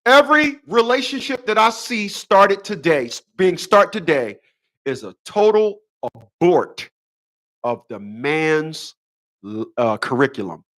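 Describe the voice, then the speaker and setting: A man's voice: fairly high pitch, big pitch swings, a little slow, a bit bright. A man hosting a relationship advice show, delivering a preachy solo monologue full of repeated rhetorical questions and emphatic short phrases.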